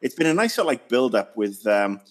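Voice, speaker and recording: Man, mid pitch, hesitant, rambling podcast chat. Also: big pitch swings, a little fast. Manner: rambling, hesitant, self-deprecating. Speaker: podcast co-host.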